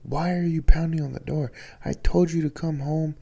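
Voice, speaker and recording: A man voicing a scolding mother who finds her son at the door, speaking in a raised, sharp voice. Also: fairly high pitch, steady tone, normal speed, creaky, voice pushed up. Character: scolding mother, middle-aged woman.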